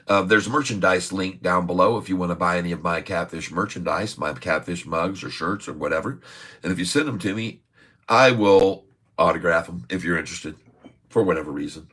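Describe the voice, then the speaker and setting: A man's voice: low voice, moderate pace, fairly bright tone. A middle-aged man hosting a casual day-trading livestream, talking in a rambling, jokey way that drifts off topic and back. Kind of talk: casual livestream stock commentary.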